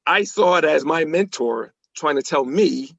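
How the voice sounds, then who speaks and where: Gravelly man telling stories. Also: fairly high pitch, measured pace, no echo, lo-fi sound. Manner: animated anecdotal storyteller, acts out quotes. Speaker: guest. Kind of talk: storytelling in a podcast conversation.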